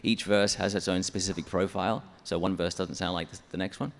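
A man's voice: sits low, fairly even intonation, fairly quick, vocal fry, big-room sound. A man who writes songs for church, explaining his method step by step in an interview. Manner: methodical, explanatory, counts syllables aloud. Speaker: church songwriter.

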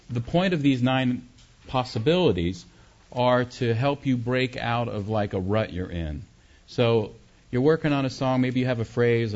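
A man's voice: medium pitch, darkish tone, muffled recording. A man teaching a songwriting workshop, explaining ideas and singing short melody examples.

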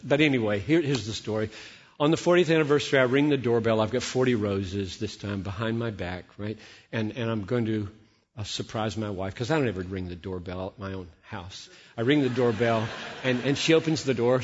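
A man in his sixties preaching a sermon, telling a story animatedly, acting out dialogue and repeating words when excited. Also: mid-range voice. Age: 60s. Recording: dull sound with long hall reverb.

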